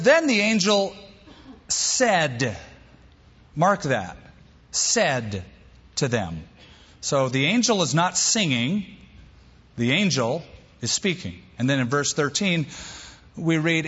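Emphatic preacher in a reverberant hall. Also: male voice, fairly bright tone. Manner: emphatic, varies pace and pitch for stress. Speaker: pastor. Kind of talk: sermon. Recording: long hall reverb, dull lo-fi sound.

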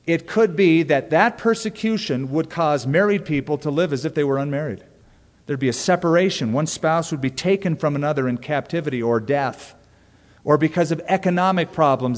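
A pastor giving an expository sermon in a conversational, folksy way with touches of wry humor, dropping to soft stress on key words. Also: male voice, a little high. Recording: long hall reverb.

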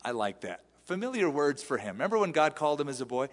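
Man, pastor, lively sermon, somewhat high voice, big echoing sanctuary. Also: fast talker, few pauses. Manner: animated preaching with acted-out quotes. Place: church sanctuary.

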